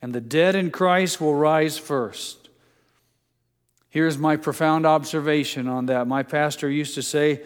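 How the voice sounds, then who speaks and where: An older man preaching a sermon, telling stories gently and dropping soft and low for quotes. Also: a little slow, clean tone, in a large hall. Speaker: pastor.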